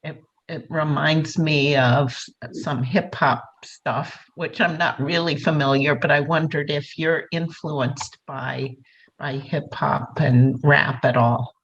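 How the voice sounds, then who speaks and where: A woman from the poetry group asking a question in a hesitant, halting way. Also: deep voice, fairly even intonation. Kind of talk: audience question. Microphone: video call. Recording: dull lo-fi video call audio.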